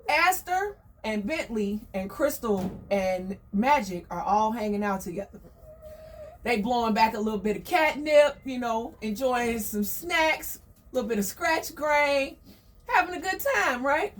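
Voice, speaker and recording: A woman tells a barnyard tale like juicy gossip, chatty and slangy with animated asides. Her voice sits fairly high. She is recorded a little way back from the mic. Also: measured pace, far from the mic, slight background noise. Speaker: storyteller. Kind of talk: casual gossipy storytelling.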